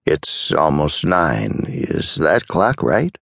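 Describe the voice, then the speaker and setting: A man's voice: very deep voice, very animated, slow pace, vocal fry, a bit bright, no room sound, clean studio sound, exaggerated voice. A man voicing a frantic old male patient who pleads urgently in an audiobook.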